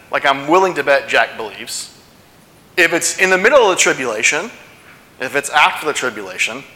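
A man's voice: a little high, sharp tone. A man preaching a sermon to his congregation in a conversational way, often checking in with questions. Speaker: pastor. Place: church sanctuary. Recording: long church hall reverb.

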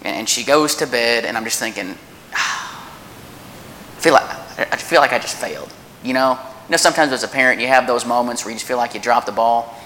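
A man in his thirties filling in as preacher, telling a personal story in an earnest, conversational way with frequent restarts and pauses. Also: bright, forceful tone. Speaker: preacher filling in at a church service. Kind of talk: informal sermon with a personal story. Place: church meeting room. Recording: distant voice in a reverberant church hall with faint background rumble.

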